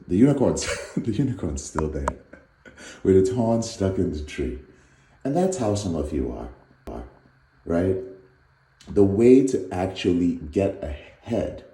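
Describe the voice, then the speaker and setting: A man with a deep, very dark and mellow voice gives an earnest motivational talk, animated and storytelling. His voice rings around an echoey room. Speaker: recovery coach.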